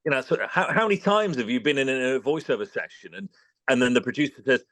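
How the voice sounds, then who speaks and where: In a casual interview, an English voice-over artist with a British accent chats fast at a medium pitch. He's animated, acting out studio exchanges in quoted voices, and the recording is dry.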